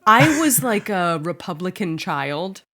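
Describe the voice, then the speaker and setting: A woman's voice: fairly low pitch, sing-song, measured pace, fairly bright tone. A woman guest on a comedy podcast, chatting casually, laughing often and acting out quotes.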